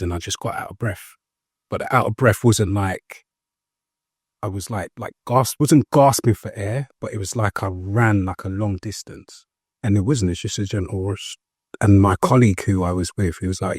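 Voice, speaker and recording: A young man with a deep, slightly husky voice tells his story as an interview guest. He speaks earnestly, step by step, padding his sentences with ums and starting over. The sound is close and dry. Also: a little mellow, dry recording. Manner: hesitant, full of ums and restarts. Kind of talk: personal story in a conversational interview.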